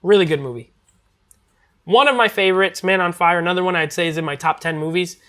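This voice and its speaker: A man's voice: high-pitched, quick pace, pushed and bright. A man reviewing movies in a casual, rambling chat, full of fillers and restarts.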